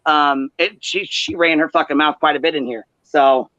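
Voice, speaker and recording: A woman hosting a livestream, telling a heated story in profane, animated detail and acting out quoted chats. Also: deep voice, normal speed, no echo. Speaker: livestream host. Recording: dull lo-fi livestream audio.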